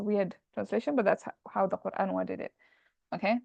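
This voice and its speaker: A woman's voice: mid-range voice, expressive, fairly quick, gravelly, darkish tone, no room sound. A woman teaching an Arabic grammar class, explaining step by step and mixing English with Arabic terms.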